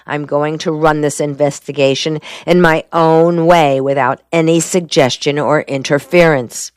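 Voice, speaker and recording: Man voicing a blunt, stubborn police lieutenant for an audiobook, slow and firm. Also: on the high side, fairly even intonation, clean tone, no room sound, natural voice. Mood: curt. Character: gruff curt male police lieutenant.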